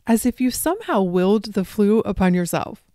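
A woman life coach hosting a solo podcast, talking straight to her listeners and dropping into soft asides. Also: medium pitch, animated, normal speed, no room sound, clean studio sound. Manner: addresses listeners directly, drops into soft asides.

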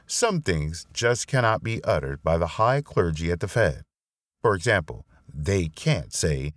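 Deep-voiced man narrating, lively and dry. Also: unhurried, no echo. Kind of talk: reading a finance blog essay aloud.

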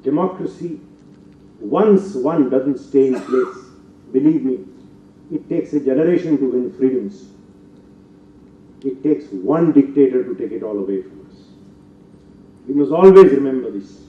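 An older man with an Indian English accent giving a formal public lecture, emphatic and rising to forceful rhetorical peaks. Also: mid-range voice, lively intonation, measured pace, long pauses, slight background noise. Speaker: guest lecturer. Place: lecture hall. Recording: distant, roomy, dull hall recording.

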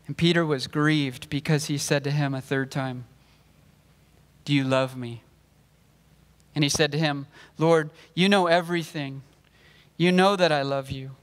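A man preaching at an unhurried pace, his voice sitting a little high for a man. He works through scripture verse by verse in a measured, explanatory way, and the church hall around him rings with a long reverb. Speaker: pastor. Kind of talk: sermon. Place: church sanctuary.

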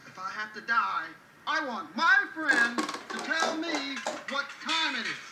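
A doomed male prisoner who meets his fate with wisecracks. His voice sits very high and swings widely. It comes from a roomy film soundtrack with noise behind it. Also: expressive, unhurried, loud music behind the voice, exaggerated voice. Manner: pleading then flippant.

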